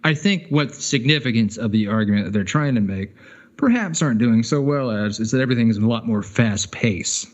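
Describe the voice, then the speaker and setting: A man's voice: mid-range voice, fairly quick, dull audio. A man co-hosting a podcast in casual chat, loose and sardonic, trailing off in filler words and swearing. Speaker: podcast co-host.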